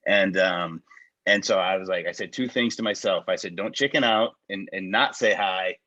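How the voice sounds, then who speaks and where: A man telling a long excited story in casual podcast chat, rambling with many fillers and poking fun at himself. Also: low-pitched, normal speed. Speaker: guest caller. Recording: dull lo-fi sound.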